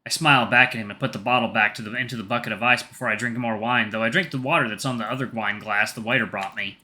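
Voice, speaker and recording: A man's voice: medium pitch, steady tone, fast, bright, forceful tone. A man narrating a visual novel in the first person, reading plainly with small slips and restarts.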